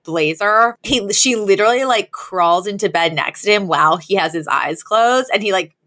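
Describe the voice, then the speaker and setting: A woman's voice: medium pitch, moderate pace, fairly bright tone. A woman co-hosting a podcast, chatting casually as she retells sitcom scenes. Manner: chatty, retells scenes with quoted lines and laughs. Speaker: podcast co-host. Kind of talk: casual chat recapping a sitcom episode.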